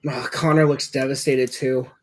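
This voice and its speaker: A man talks his way through a hockey game as a fan, in casual watch-along commentary. He rambles and reacts as he goes, with plenty of fillers. His voice sits at an ordinary middle pitch. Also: level tone, normal speed.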